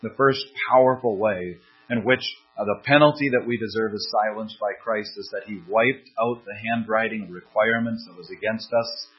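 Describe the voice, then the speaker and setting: A man preaching an expository sermon, earnest and deliberate, leaning on key words as he reads and explains scripture. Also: fairly low pitch, steady tone, husky. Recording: dull lo-fi sermon recording.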